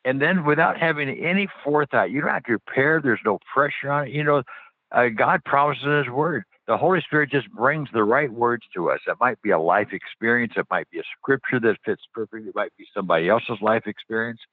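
A man's voice: medium pitch, breathy edge, dry recording. Passionate man on tinny radio. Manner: passionate, eager storyteller with quick restarts. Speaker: guest. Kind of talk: faith testimony on a radio interview. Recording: dry, tinny phone-like radio sound.

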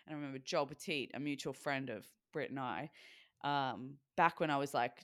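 Woman, 20s, low voice, animated podcast storyteller who swears freely. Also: moderate pace, dry recording, clean studio sound. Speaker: podcast co-host. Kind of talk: casual chat.

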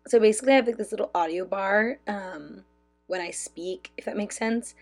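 A young woman hosting her own podcast in a bubbly, loud, chatty way, full of "like" fillers, talking into a phone with a clip-on mic as if sending a voice memo. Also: medium pitch, moderate pace, faint music behind. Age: young adult. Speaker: podcast host. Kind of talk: casual chat, like a voice memo. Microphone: phone with clip-on lav mic.

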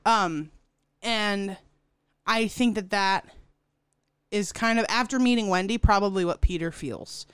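A woman's voice: mid-range voice, unhurried, a bit bright, smooth, dry recording. Wry woman in her twenties, dry sound. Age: 20s. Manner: wry, jokey asides. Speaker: podcast co-host. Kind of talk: casual chat.

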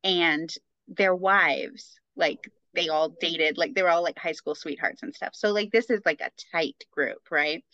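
A woman co-hosting a podcast, talking in a fast, chatty way with lots of fillers. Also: lowish voice, sharp tone, dry recording. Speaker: podcast co-host. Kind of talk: casual chat. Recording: dull lo-fi sound.

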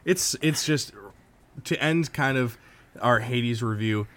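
A man's voice: medium pitch, takes it slowly, fairly bright tone. A man co-hosting a casual gaming podcast, rambling with many fillers and restarts. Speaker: podcast co-host.

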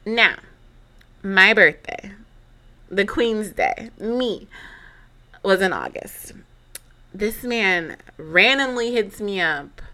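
Young woman host, lively dramatic storyteller, bright lower voice. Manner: chatty, dramatic, lots of fillers and asides. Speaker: podcast host. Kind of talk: casual storytelling monologue.

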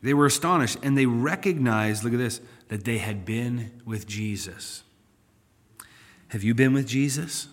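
A man's voice: mid-range voice, unhurried. A man pastor teaching a Bible study, conversational and turning emphatic when he reads scripture aloud. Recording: long hall reverb.

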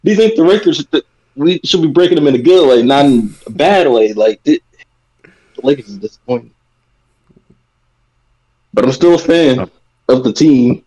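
A man's voice: medium pitch, animated, moderate pace, long pauses, dark tone, low-quality recording. Young guy on a podcast, middle voice, chill, kinda rueful. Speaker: podcast co-host. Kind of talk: casual chat.

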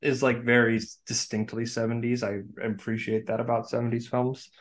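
A man co-hosting a podcast, calmly recapping a film's plot with dry jokes. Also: mid-range voice, brisk. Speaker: podcast co-host. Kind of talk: casual film discussion.

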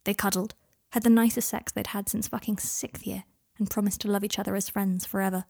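Mellow, husky woman narrating a story. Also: mid-range voice, flat delivery, a little fast. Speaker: audiobook reader. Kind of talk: fan-fiction audiobook narration.

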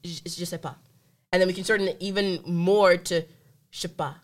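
Chatty young woman podcaster, slightly low voice. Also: fairly even intonation, fairly quick. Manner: playful, chatty, filler-heavy with lots of "like". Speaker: podcast co-host. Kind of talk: casual podcast chat.

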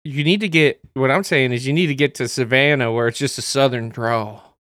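A man's voice: medium pitch, fairly quick, a bit bright, no room sound. A man co-hosting a podcast in casual chat, recorded dry and close. He argues bluntly and swears often. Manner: blunt, profane, insistent. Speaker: podcast co-host.

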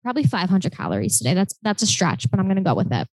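A woman's voice: lowish voice, big pitch swings, very fast, a little mellow, dry recording, poor audio. Chatty young woman podcast co-host. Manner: chatty, lots of filler words. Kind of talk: casual chat.

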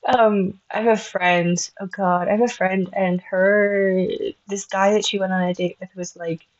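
Woman, twenties, casual storytelling vlogger, animated and profane, plays out both sides of each conversation, mid pitch, slightly muffled recording. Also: takes it slowly, pauses often. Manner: chatty, animated, swears freely, acts out both sides of conversations. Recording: slightly dull lo-fi sound.

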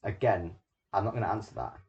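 Teenage boy, podcast host, deep voice, blunt and sweary, muffled home recording, faint hiss. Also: fast, a little mellow. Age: teens. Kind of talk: casual chat. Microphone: small home microphone.

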